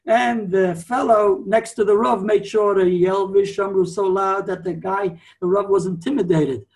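A man's voice: high-pitched, steady tone, measured pace, creaky, darkish tone, distant mic. A man teaching a Torah class in an explanatory, digressive way, often repeating himself.

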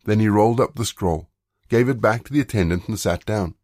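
Man leading a devotion, scripture reading, fairly low, dry close sound. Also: a little fast, a little mellow, no room sound. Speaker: leader of a daily devotion.

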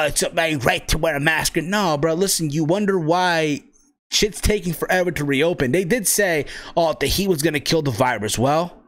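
Casting: young New man, slightly high voice, loose profane podcast rambler. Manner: rambling, profane, many fillers and tag questions. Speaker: wrestling podcast host. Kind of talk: casual solo podcast chat.

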